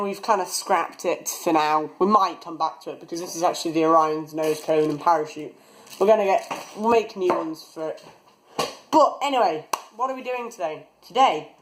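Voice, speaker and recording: A teenage hobby rocketry vlogger chats casually and rambles as he builds a model rocket, filmed on a phone camera. His voice is high-pitched, and the low-quality recording carries some hiss or hum.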